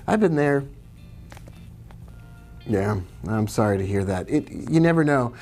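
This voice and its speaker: A man of middle pitch hosts a live trading stream in a relaxed, chatty way. He greets viewers by name and answers their questions as he talks through the charts. Soft music plays faintly in the background. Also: unhurried, long pauses.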